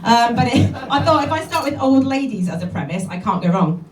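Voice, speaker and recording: A woman's voice: on the high side, animated, brisk, a crowd in the background. Bold, cheeky woman poet. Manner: cheeky, bawdy rhyming delivery with chatty asides. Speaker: comic performance poet. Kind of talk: live comic spoken-word poetry. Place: live venue with audience. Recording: echoey room from a distance.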